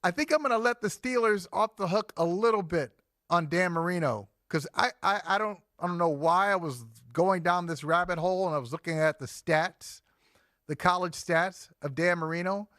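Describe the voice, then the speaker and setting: Fairly high-voiced man co-hosting sports talk. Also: normal speed, a bit bright, no echo, clean studio sound. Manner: conversational, restarts with fillers. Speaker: sports talk show co-host.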